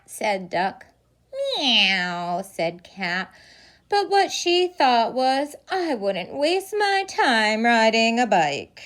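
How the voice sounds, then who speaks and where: Lively woman reading aloud to preschoolers. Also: on the high side, very slow. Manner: animated storytelling with gasps and questions. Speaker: preschool teacher. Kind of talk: reading a picture book aloud to children.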